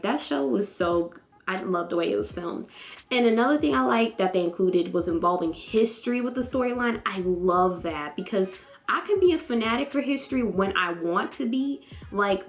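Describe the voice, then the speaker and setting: A young woman vlogging a casual show review, slangy and animated, acting out lines with sudden high jumps in her voice. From North Carolina, US. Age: young adult. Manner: animated, slangy, acts out quotes with big pitch jumps.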